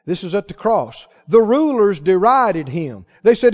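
High-voiced preacher, lively and emphatic. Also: male voice, a little slow, few pauses. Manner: swings from hushed asides to shouted exclamations; fires rhetorical questions at the congregation. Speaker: pastor. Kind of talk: sermon. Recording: dull lo-fi recording.

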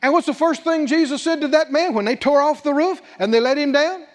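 A man's voice: very high-pitched, fairly quick. A man preaching a sermon, emphatic and full of rhetorical questions, repeating scripture phrases for weight. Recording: long hall reverb.

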